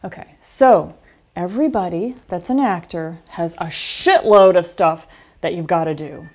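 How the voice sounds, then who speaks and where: A woman coaching a film class over a video call, telling stories in an animated way with lively asides. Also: fairly low pitch, unhurried. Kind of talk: online class talk.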